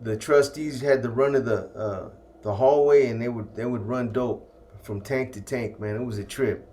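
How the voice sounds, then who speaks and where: A man's voice: medium pitch, moderate pace, darkish tone. Laid-back man telling stories. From California. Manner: laid-back street slang, trailing off with "man". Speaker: storyteller recounting his past. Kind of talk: casual first-person storytelling.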